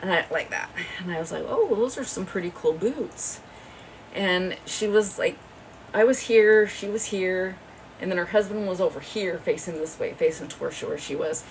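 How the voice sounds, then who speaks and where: On a phone livestream, a woman with a lowish voice tells a meandering, gossipy story at a normal pace, chatting away and laughing often. The mic sits at a distance, so the low-quality recording picks up a bit of background noise.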